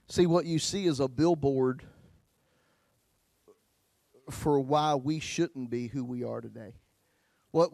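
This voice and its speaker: In a folksy sermon, a male pastor recounts his own story, swinging between loud bursts and hushed lines. His voice sits on the high side, and the recording has no room sound.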